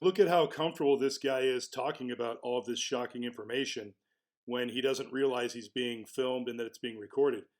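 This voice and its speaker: A man's voice: mid-range voice, brisk. A man giving casual commentary on a video clip, talking in a conversational way and sometimes mocking the people he shows. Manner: conversational, mocking impressions of others.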